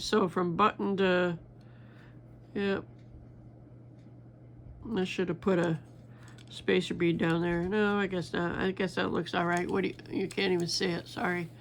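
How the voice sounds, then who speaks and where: Slow, gravelly older woman chatting. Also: on the low side, flat delivery, a little hiss or hum. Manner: rambling, halting, many fillers and restarts. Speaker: crafting vlogger. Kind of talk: casual chat while beading.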